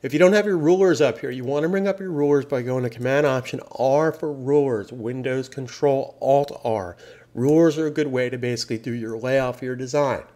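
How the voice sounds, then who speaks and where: A man teaching web design software, narrating a screen recording in an upbeat, emphatic way and repeating key phrases. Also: mid-range voice, fairly quick. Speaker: software trainer.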